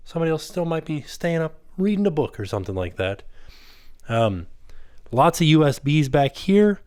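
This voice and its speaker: A man's voice: a little high, sing-song, moderate pace, darkish tone, smooth. A man in his thirties narrating a casual walk-through of a hotel room as a vlogger. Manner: chatty, points things out as he walks.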